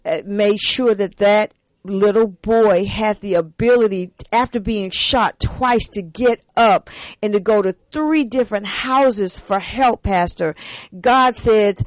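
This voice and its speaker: A woman's voice: mid-range voice, slow, dry recording, poor audio. A woman hosting a faith-based talk show, speaking with passion and often addressing her guest as Pastor. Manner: impassioned, repeatedly addressing the pastor. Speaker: host.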